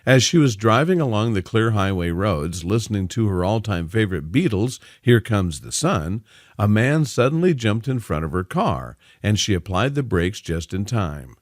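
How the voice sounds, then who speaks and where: Lively male story narrator. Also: on the low side, moderate pace, no room sound, clean studio sound.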